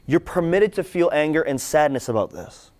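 A young man speaks to a student group in a lively, conversational preaching style. His pitch sits a little high for a man and swings widely as he repeats lines for emphasis, dropping low and quiet to close a thought. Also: moderate pace. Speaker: campus ministry speaker. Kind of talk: sermon-style talk.

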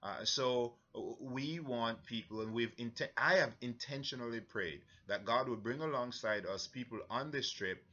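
Jamaican guy briefing church folks on a trip, earnest, lots of uh's, bright voice, kinda dull recording. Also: medium pitch. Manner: earnest, halting with many fillers. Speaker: mission trip leader.

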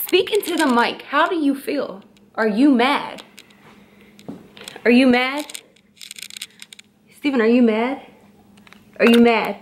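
A woman's voice: on the high side, takes it slowly, long pauses, a little hiss or hum. A young woman, teasing her boyfriend in a casual prank vlog and asking the same questions again and again. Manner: teasing, playful, repeats questions. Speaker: vlogger.

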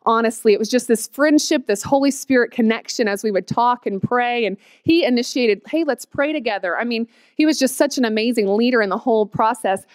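A woman, telling her personal testimony in an animated, storytelling way. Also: on the high side, a little fast, few pauses, dry recording, clean studio sound. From Oklahoma, USA. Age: 30s. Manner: animated storytelling, quotes herself with squeals and laughs.

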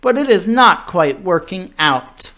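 A man's voice: high voice, big pitch swings, unhurried, bright, forceful tone, heavily acted. A man voicing a timid little male bird in a children's story, sheepish and hesitant. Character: timid small male bird who forgets his song.

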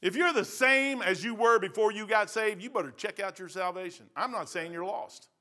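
Older midwestern pastor, high bright voice, folksy and emphatic, repeats himself for punch. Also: male voice, moderate pace. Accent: Midwestern American. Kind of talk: sermon.

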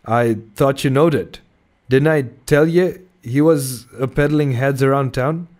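A man's voice: mid-range voice, unhurried, darkish tone, close to an everyday voice. A man voicing a grinning male innkeeper who talks in a folksy, rustic way. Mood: easygoing.

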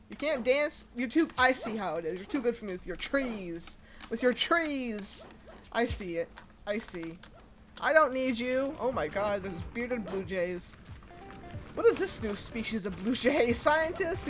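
A woman giving casual, jokey commentary while playing a game, chatting away and shrieking when startled. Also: on the high side. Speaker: gaming video host.

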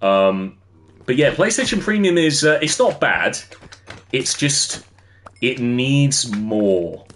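A man's voice: a little high, sing-song, unhurried, fairly bright tone, slight background noise. A young English man chatting casually on a gaming livestream, rambling and answering his chat as he plays. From England. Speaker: streamer.

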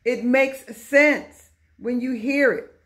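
A woman's voice: high voice, slow, fairly bright tone. A middle-aged woman teaching young children a lesson in a patient, sing-song way.

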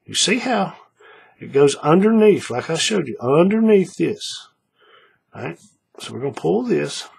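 Seated at a desk with the camera mic close by, a folksy paracord craft instructor guides viewers through a hands-on tutorial, repeating every step and often making sure they're keeping up. His very husky, rough voice sits a little high and swings lively up and down, with a slightly slow pace and long pauses.

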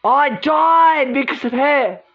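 A woman's voice: high voice, slow, pitched above the performer's own voice. A woman doing a bitter, cursing Willow. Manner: curt and swearing. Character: sullen, bitter, foul-mouthed young woman. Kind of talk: amateur voice drama. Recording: dull lo-fi recording.

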